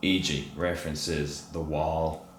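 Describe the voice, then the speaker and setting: A man's voice: rumbling low, little pitch movement, slow. A man giving live audio description of a demonstration, in a plain, matter-of-fact way. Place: indoor home room. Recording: echoey room with loud noise.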